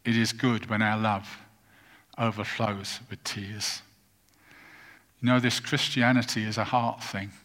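A man preaching a sermon as a pastor, earnest and deliberate, leaning on repetition for emphasis. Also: on the low side, little pitch movement, fairly bright tone. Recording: long reverb of a large hall.

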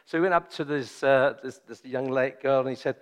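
A man preaching a sermon, joking and chatty with his congregation at first, then slow and solemn. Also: medium pitch, clean tone. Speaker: visiting preacher.

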